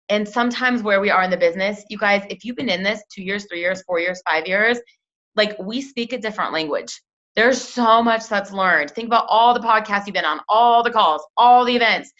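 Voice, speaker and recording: A young woman coaching her sales team in a casual talk, chatty and full of "like", often acting out quotes. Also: mid-range voice. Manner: chatty, lots of "like", acts out quotes in lively voices. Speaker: team leader training a sales team. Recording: dull lo-fi sound.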